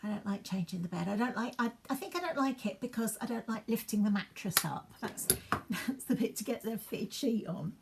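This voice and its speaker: This is a chatty woman, her voice sitting slightly high. She rambles to the camera while styling her hair at home and keeps dropping into soft, half-whispered asides. The home recording carries a faint hiss. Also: lively intonation, brisk, vocal fry. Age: 50s. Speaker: beauty vlogger. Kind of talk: chatty get-ready-with-me vlog.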